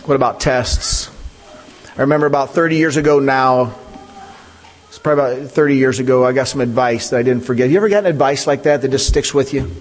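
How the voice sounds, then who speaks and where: In a large hall, a male pastor delivers a conversational sermon, posing rhetorical questions to his listeners and emphasizing key points with animated force. He has a medium-pitched voice and a quick pace.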